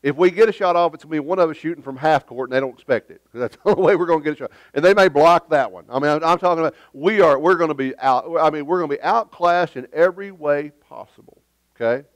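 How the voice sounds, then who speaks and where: A man's voice: fairly high pitch, fast talker, dry recording. A man preaching a sermon as pastor in a church, emphatic and conversational, with joking asides. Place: church sanctuary.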